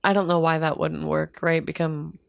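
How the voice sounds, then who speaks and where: A woman's voice: low-pitched, little pitch movement, moderate pace, creaky, no echo, clean studio sound. A woman co-hosting an education podcast, a parent talking earnestly and casually with lots of "like". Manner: earnest and chatty, with frequent "like". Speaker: podcast co-host. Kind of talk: casual conversation.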